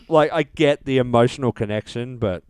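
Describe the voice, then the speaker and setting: A man's voice: mid-range voice, normal speed, a little mellow, smooth, no room sound. A man co-hosting a podcast in casual chat, giving rambling opinions with dry, wry humour. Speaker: podcast co-host.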